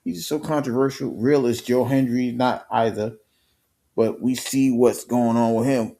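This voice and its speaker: Excitable man hosting a sports chat. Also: medium pitch, measured pace, gravelly. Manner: animated, slang-heavy retelling with swearing. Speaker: live stream host.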